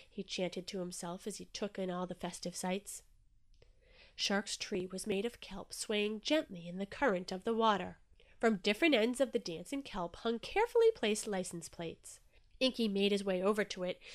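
A woman narrating a children's storybook with a gentle, expressive reading. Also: medium pitch.

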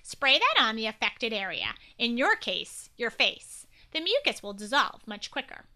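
A woman's voice: on the high side, sing-song, measured pace, pushed and bright, exaggerated voice. A woman doing a kindly grown-up agent. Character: cheerful grown-up male agent.

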